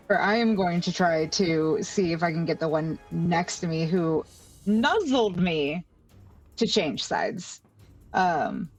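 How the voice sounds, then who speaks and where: Woman player, low pitch, thoughtful and hesitant, faint music bed. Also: poor audio. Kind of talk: playing a tabletop game.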